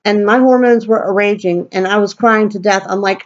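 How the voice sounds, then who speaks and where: A woman's voice: medium pitch, steady tone, moderate pace, hardly any pauses, muffled recording. A woman vlogger telling a personal story in a blunt, profane, rambling way.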